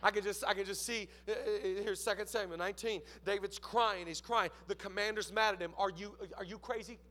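A man preaching a sermon as pastor, telling stories with lively, acted-out voices. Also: sits high, brisk. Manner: animated storytelling, acts out voices.

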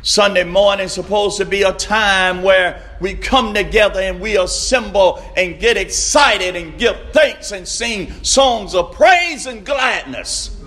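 Delivering a sermon, a high-pitched man speaks with slow emphasis, returns again and again to his refrains, and rises into shouting.

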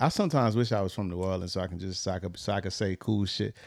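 Casting: laid-back male podcast co-host, low gravelly voice, dry close sound. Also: fast talker, dry recording. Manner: relaxed, laid-back with many fillers. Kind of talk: casual chat with a short scripture message.

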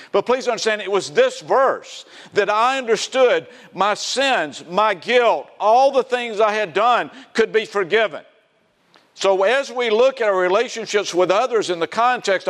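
Man preaching with rhetorical questions. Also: fairly high pitch. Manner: conversational, asks the congregation rhetorical fill-in questions. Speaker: pastor. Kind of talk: sermon.

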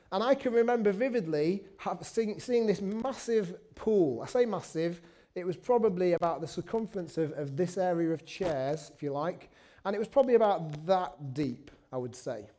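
A man with a noticeably high voice preaches a sermon. He talks in a chatty, storytelling way. He adds self-deprecating asides as he goes. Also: mellow.

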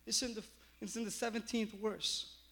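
Brief: male pastor, fairly high voice, animated storyteller, loose and chatty. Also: moderate pace. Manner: animated storytelling with many fillers. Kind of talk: sermon.

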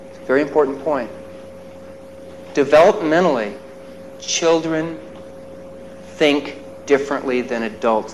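A man's voice: mid-range voice, slight background noise, rough recording. A male psychologist telling a personal story in a workshop lecture, with self-deprecating, chuckling asides. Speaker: psychologist giving a workshop talk.

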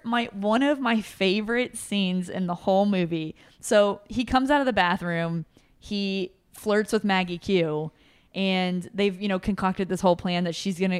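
A woman's voice: lowish voice, clean tone. A woman hosting a podcast, chatting casually and animatedly with lots of filler words. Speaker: podcast host. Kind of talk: casual chat.

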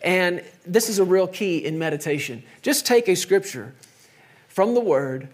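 A middle-aged man preaching a sermon in a conversational way, sometimes dropping to soft, emphatic tones. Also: high-pitched, lively intonation, measured pace. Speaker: pastor.

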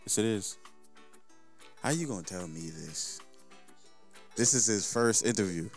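A man's voice: lowish voice, animated, measured pace, faint music behind. A man hosting a podcast, chatting casually in laid-back patois slang. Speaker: podcast host. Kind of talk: casual chat.

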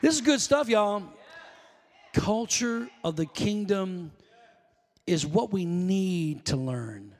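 A man's voice: high-pitched, lively intonation, slow pace, long pauses, a little mellow, in a large hall. A male pastor preaching a sermon in a church, telling stories in a loose, conversational way with restarts and calling out to his congregation. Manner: conversational, rambling storytelling with self-corrections; calls out to congregation.

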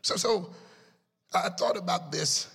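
A man preaching a sermon in a chanting, sing-song style, his voice rising into shouts at its peaks. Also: high-pitched, slow pace, gravelly, breathy edge. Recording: echoey hall with music behind.

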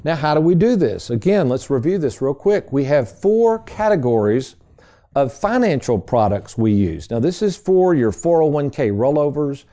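A man's voice: a little high, very animated, moderate pace, warm tone. A middle-aged man hosting a financial radio show, telling stories in a folksy, chatty way and calling his listeners folks. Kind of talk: casual storytelling on a radio show.

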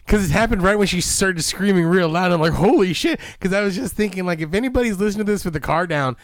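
A man's voice: sits high, fast talker, no room sound, clean studio sound. A man co-hosting a podcast, chatting in a jokey, playful way and laughing often. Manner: jokey, laughs often, makes sound effects. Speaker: podcast co-host. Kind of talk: casual joking chat.

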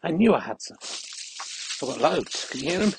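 A man hosting a podcast, talking in a deadpan, mock-serious ramble while walking a dog through the countryside. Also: fairly high pitch, brisk, gravelly, noisy background. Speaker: podcast host. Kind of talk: comic rambling monologue on a walk.

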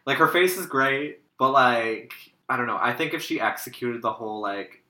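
A man's voice: medium pitch, moderate pace, sharp tone, roomy sound, slight background noise. A man co-hosting a casual podcast, chatting in a playful, gushing, sassy way. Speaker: podcast co-host. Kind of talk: casual chat reviewing a drag competition show.

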